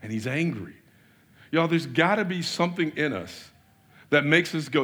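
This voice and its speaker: A man preaching a lively sermon in a husky, slightly raised voice. He fires off rhetorical questions and swings from punchy emphasis to near-quiet asides. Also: a little high, moderate pace. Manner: animated, with rhetorical questions and big swings in loudness. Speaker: pastor.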